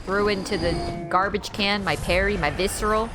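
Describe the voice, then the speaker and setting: A woman streaming a video game, chatting casually, excitable and laughing, swearing freely. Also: mid-range voice, normal speed, over music. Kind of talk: casual gameplay commentary.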